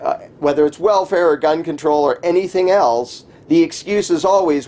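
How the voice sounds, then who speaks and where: Interview guest, male, mellow tone, emphatic and scornful delivery. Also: fairly high pitch, moderate pace, hardly any pauses. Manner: emphatic, scornful, mocks opponents' voices. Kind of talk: conversational interview.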